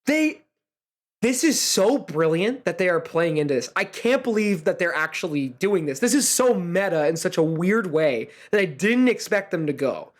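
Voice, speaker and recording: Animated young host gushing over wrestling. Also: medium pitch. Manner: rapid, animated, swearing freely. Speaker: podcast host. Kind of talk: excited wrestling recap chat.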